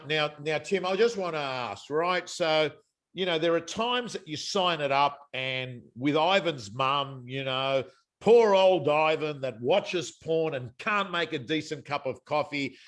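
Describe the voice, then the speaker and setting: A man hosting a casual coaching chat, energetic and fond of tag questions. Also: a little high, a little slow. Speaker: host.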